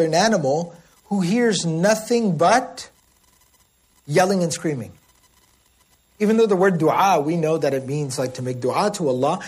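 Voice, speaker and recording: A man giving a religious lesson, explaining Arabic words and reciting Arabic passages quickly, often checking in with his listeners. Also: a little high, darkish tone, slightly rough. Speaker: Quran teacher.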